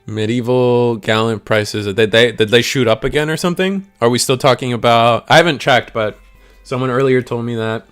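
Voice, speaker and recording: A young man calls a card game live in a loose, rambling way, full of slang and asides to his viewers. His voice sits at an everyday middle pitch. Soft music plays quietly behind him. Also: moderate pace, clean tone. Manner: rambling and slangy, talks to chat. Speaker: stream host and commentator.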